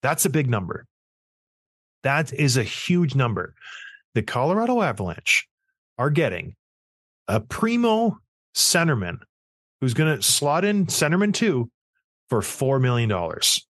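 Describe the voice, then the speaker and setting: A man co-hosting a casual hockey podcast, telling stories in an animated, ranting way. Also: medium pitch, measured pace, pauses often, no room sound, studio quality. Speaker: podcast co-host.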